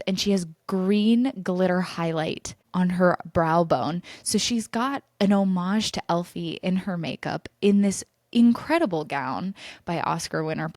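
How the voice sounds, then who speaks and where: A young woman hosting a pop culture podcast, gushing with breathless, fast enthusiasm about the latest news. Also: lowish voice, darkish tone, no echo, studio quality. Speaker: podcast host.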